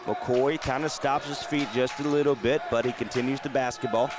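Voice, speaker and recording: Male play-by-play announcer, noisy gym. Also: medium pitch. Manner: rapid play-by-play calling, rising excitement on big plays. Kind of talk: live basketball commentary. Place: community center gym.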